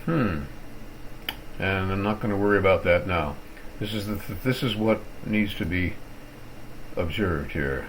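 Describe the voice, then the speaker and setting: A man's voice: low-pitched, a little slow, long pauses, a little hiss or hum, low-quality recording. Tired older man rambling through a rant. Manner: digressive, wry, with theatrical asides. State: tired, low on energy. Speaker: vlogger ranting about his internet provider. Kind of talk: rambling screen-recorded rant.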